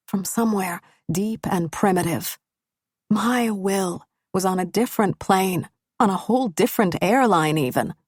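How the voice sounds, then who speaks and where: A woman's voice: medium pitch, darkish tone, husky, no echo. A woman reading a first-person thriller audiobook with intimate, tense storytelling on a studio mic. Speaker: audiobook narrator.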